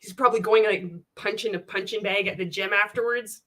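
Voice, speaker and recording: Reading chat aloud on her casual livestream, this woman talks fairly quickly in a mid-range voice. She teases and mocks a coach with plenty of profanity, animated energy, and frequent laughter.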